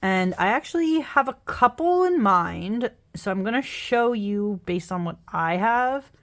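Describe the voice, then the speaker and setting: A woman's voice: mid-range voice, lively intonation, measured pace, fairly bright tone. A young woman chatting casually through a flip-through of tarot and oracle decks, tired after work, rambling, laughing and apologizing as she goes. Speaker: tarot deck reviewer.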